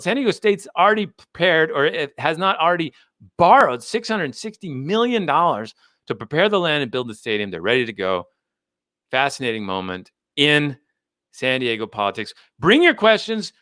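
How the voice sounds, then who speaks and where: A man's voice: fairly high pitch, bright, forceful tone, no echo, clean studio sound. An American man hosting a livestream on local politics, emphatic and fired up. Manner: fired up, emphatic, laughs at himself. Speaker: host. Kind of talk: animated livestream commentary.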